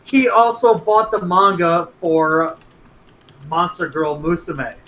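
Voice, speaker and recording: A young man on a casual podcast, telling crude stories with animated energy. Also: high voice, takes it slowly, over a noisy crowd. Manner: animated storytelling, crude jokes, voices friends. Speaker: podcast regular telling a story. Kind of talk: casual chat. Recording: echoey room with faint noise.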